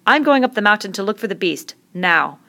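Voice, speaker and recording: A woman's voice: on the low side, animated, fairly quick, creaky, fairly bright tone, slightly rough, heavily acted. A woman reading aloud, voicing a proud, bitter boy who taunts and sneers in a raised voice. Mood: taunting.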